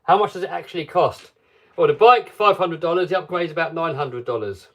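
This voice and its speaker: A man's voice: a little high, a little fast, a bit bright, distant mic. Chatty man hosting a live stream. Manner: chatty, reads viewer comments aloud. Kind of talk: casual live stream chat.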